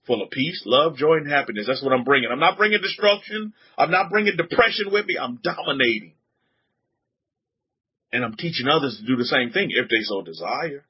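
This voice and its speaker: A man preaching a sermon to a congregation, animated, repeating words and putting questions to the room, on a dull lo-fi recording. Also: medium pitch, a little fast, breathy edge. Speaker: rabbi teaching a congregation.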